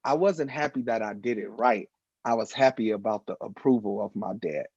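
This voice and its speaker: A man spins a story in an animated way, jumping into the voices of everyone in it. His voice is mellow and warm. The recording is dry and a little dull. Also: lowish voice, normal speed, husky, no room sound. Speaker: panelist. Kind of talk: casual storytelling in a panel conversation.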